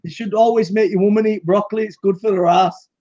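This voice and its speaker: English bloke, high voice, crude jokey banter, dull muffled sound. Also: male voice, fairly even intonation, quick pace, warm tone. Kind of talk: casual banter.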